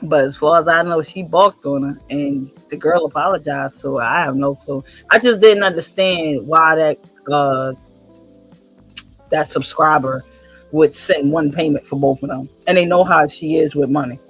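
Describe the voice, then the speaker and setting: A woman hosting a casual gossip livestream who tells stories with animated energy and acts out the quotes. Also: sits low, normal speed, slightly rough, faint music behind. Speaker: host.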